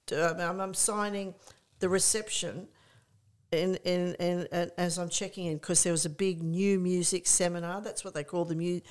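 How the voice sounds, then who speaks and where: An older woman, a guest in a casual interview, telling lively anecdotes with many restarts and fillers. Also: lowish voice, moderate pace. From Australia.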